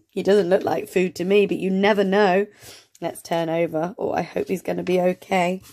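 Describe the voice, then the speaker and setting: A woman reading an early reader aloud to young children, gently sounding out words and asking encouraging questions. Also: lowish voice, little pitch movement, moderate pace. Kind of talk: children's read-along lesson.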